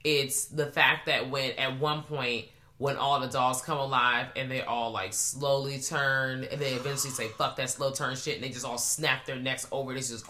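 A woman co-hosting a casual movie recap chat, laid-back, with quick affirmations and dry asides. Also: rumbling low, fairly even intonation, bright, forceful tone. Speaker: podcast co-host.

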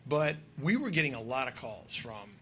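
A man speaking as a guest on a casual podcast chat, telling stories in an animated, conversational way with filler words. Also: medium pitch, moderate pace, a little hiss or hum. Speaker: guest filmmaker and drone pilot.

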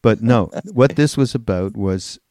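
A podcast co-host with a lowish, warm voice speaks at a measured pace in studio-quality audio with no room sound. He spins loose, rambling anecdotes in casual chat, laughing and swearing along the way.

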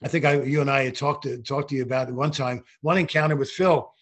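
An older man, a retired basketball referee, telling animated stories from his career in an interview. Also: medium pitch, quick pace. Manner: animated anecdotal storytelling with frequent restarts. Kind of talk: storytelling interview.

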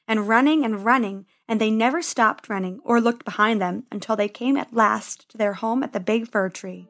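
Gentle woman reading a storybook. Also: on the high side. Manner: gentle, expressive read-aloud. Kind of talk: scripted storybook narration.

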